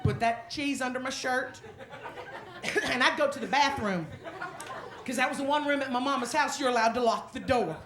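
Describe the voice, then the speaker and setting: Brief: woman stand-up comic, very high voice, crude and brash, live club recording with a laughing crowd. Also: normal speed. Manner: brash, crude, animated storytelling. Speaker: stand-up comedian. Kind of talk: stand-up set. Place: comedy club stage. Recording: echoey club with loud crowd and noise.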